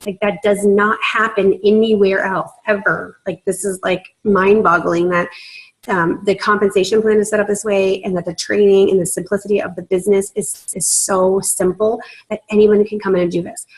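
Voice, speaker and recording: A woman's voice: mid-range voice, little pitch movement, normal speed, rough recording. A young woman, a team leader on a video call, talking emotionally and gushing with many fillers, close to tears. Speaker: team leader in a sales business.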